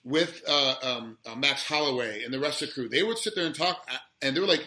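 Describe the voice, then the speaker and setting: Fast-talking, very bright male interviewer. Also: medium pitch. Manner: fast, animated talk. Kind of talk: casual interview chat. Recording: roomy echo with faint noise.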